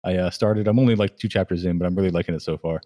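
A male podcast host who talks quickly in a fairly low voice. He keeps it loose and casual, with fillers and the odd swear word. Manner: relaxed, profane, drifts with fillers.

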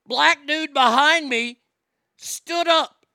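Gravelly, high-voiced man on a rant. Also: unhurried, pushed and bright, no room sound, clean studio sound. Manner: heated, swearing, indignant. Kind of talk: profane storytelling rant.

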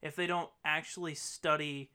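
A man's voice: on the high side, moderate pace, clear, resonant tone. A man co-hosting a podcast, chatting casually and bluntly with frequent swearing. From US Midwest. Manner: blunt, profane, animated. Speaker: podcast co-host. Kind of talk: casual chat.

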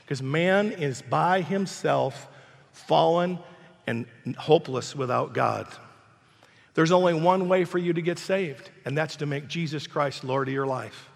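A man's voice: on the high side, creaky, in a large hall. An older man preaching a sermon as pastor, emphatic and repetitive, in a church sanctuary.

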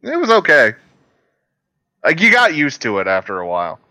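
A young man from Louisiana talks in a casual podcast chat, with a bright voice that leaps up and down in pitch. He tells his stories in quick silly voices. The close mic keeps the sound dry. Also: no echo. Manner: animated storyteller doing quick silly voices.

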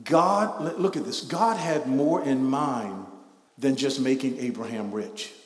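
Male pastor preaching in an echoing hall. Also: medium pitch. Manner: preaching with rising shouts and drawn-out emphasis. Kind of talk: sermon. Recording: echoey hall, mic at a distance.

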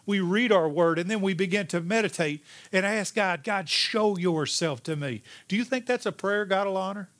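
A man preaching a sermon as pastor, emphatic, rising in pitch and then dropping to a hushed, slow delivery. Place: church sanctuary.

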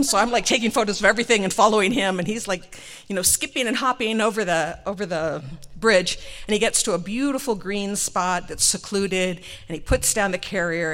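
A woman telling a comic personal story, animated and laughing often. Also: lowish voice.

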